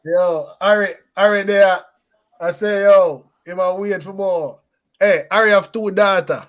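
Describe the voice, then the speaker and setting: A man hosting a football fan stream, chatting in patois with shout-outs and laughing banter. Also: sits high, fairly even intonation, a little slow. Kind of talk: casual chat.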